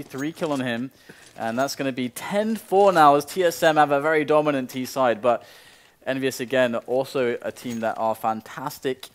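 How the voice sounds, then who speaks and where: A male commentator calling a live esports match at an average pitch. His analysis runs at an even pace, and on big plays his voice climbs into excited bursts. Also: clean tone.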